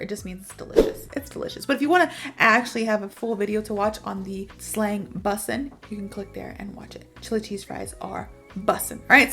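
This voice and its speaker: A young American woman with a slightly high voice leads a casual online English lesson. She talks in a chatty, playful way, repeating example phrases for viewers. Faint music plays behind her. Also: a bit bright. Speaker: English teacher.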